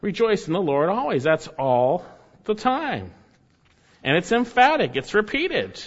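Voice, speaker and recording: A man preaching a sermon as pastor, emphatic, repeating key phrases and slowing down to stress words. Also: high voice, huge pitch swings, in a large hall, muffled recording.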